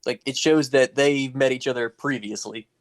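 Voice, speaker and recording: A man's voice: medium pitch, steady tone, moderate pace, dry recording, clean studio sound. A man co-hosting a podcast, casually retelling video game scenes, swearing freely and chuckling. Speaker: podcast co-host. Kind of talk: casual chat about video games.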